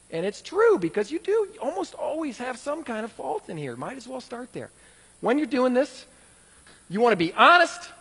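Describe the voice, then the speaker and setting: Male preacher, high husky voice, animated and conversational, echoey hall sound. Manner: animated, conversational, with vivid examples. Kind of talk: sermon-style teaching.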